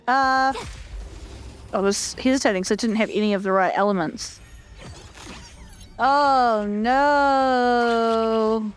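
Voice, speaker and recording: A woman's voice: fairly high pitch, slow, long pauses, faint music behind. A young woman casually commenting on a video game she plays, chatty and profane with a self-mocking streak. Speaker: gaming channel host. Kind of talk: casual let's play commentary.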